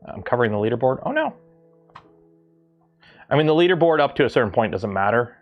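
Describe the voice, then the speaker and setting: A man's voice: mid-range voice, lively intonation, brisk, phone-quality sound, faint music behind. A man from Canada hosting a livestream, talking casually and rambling with lots of ums and restarts. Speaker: livestream host.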